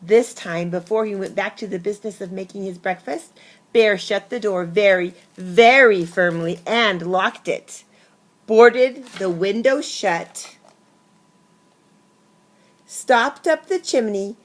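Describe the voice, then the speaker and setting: A woman reading a picture book aloud to children, expressive and pausing to ask her listeners questions. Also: mid-range voice. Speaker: storybook reader.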